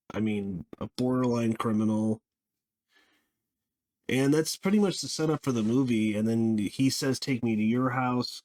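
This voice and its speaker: A man giving a casual spoken film review, rambling and halting, with frequent restarts and small laughs. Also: medium pitch, a little mellow.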